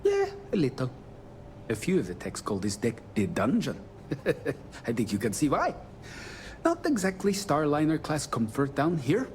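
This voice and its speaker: A man's voice: a little high, wildly swooping pitch, normal speed, long pauses, a little hiss or hum. An actor voicing a nervous, apologetic male starship engineer in a video game, stammering through his lines with lots of fillers. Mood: hesitant.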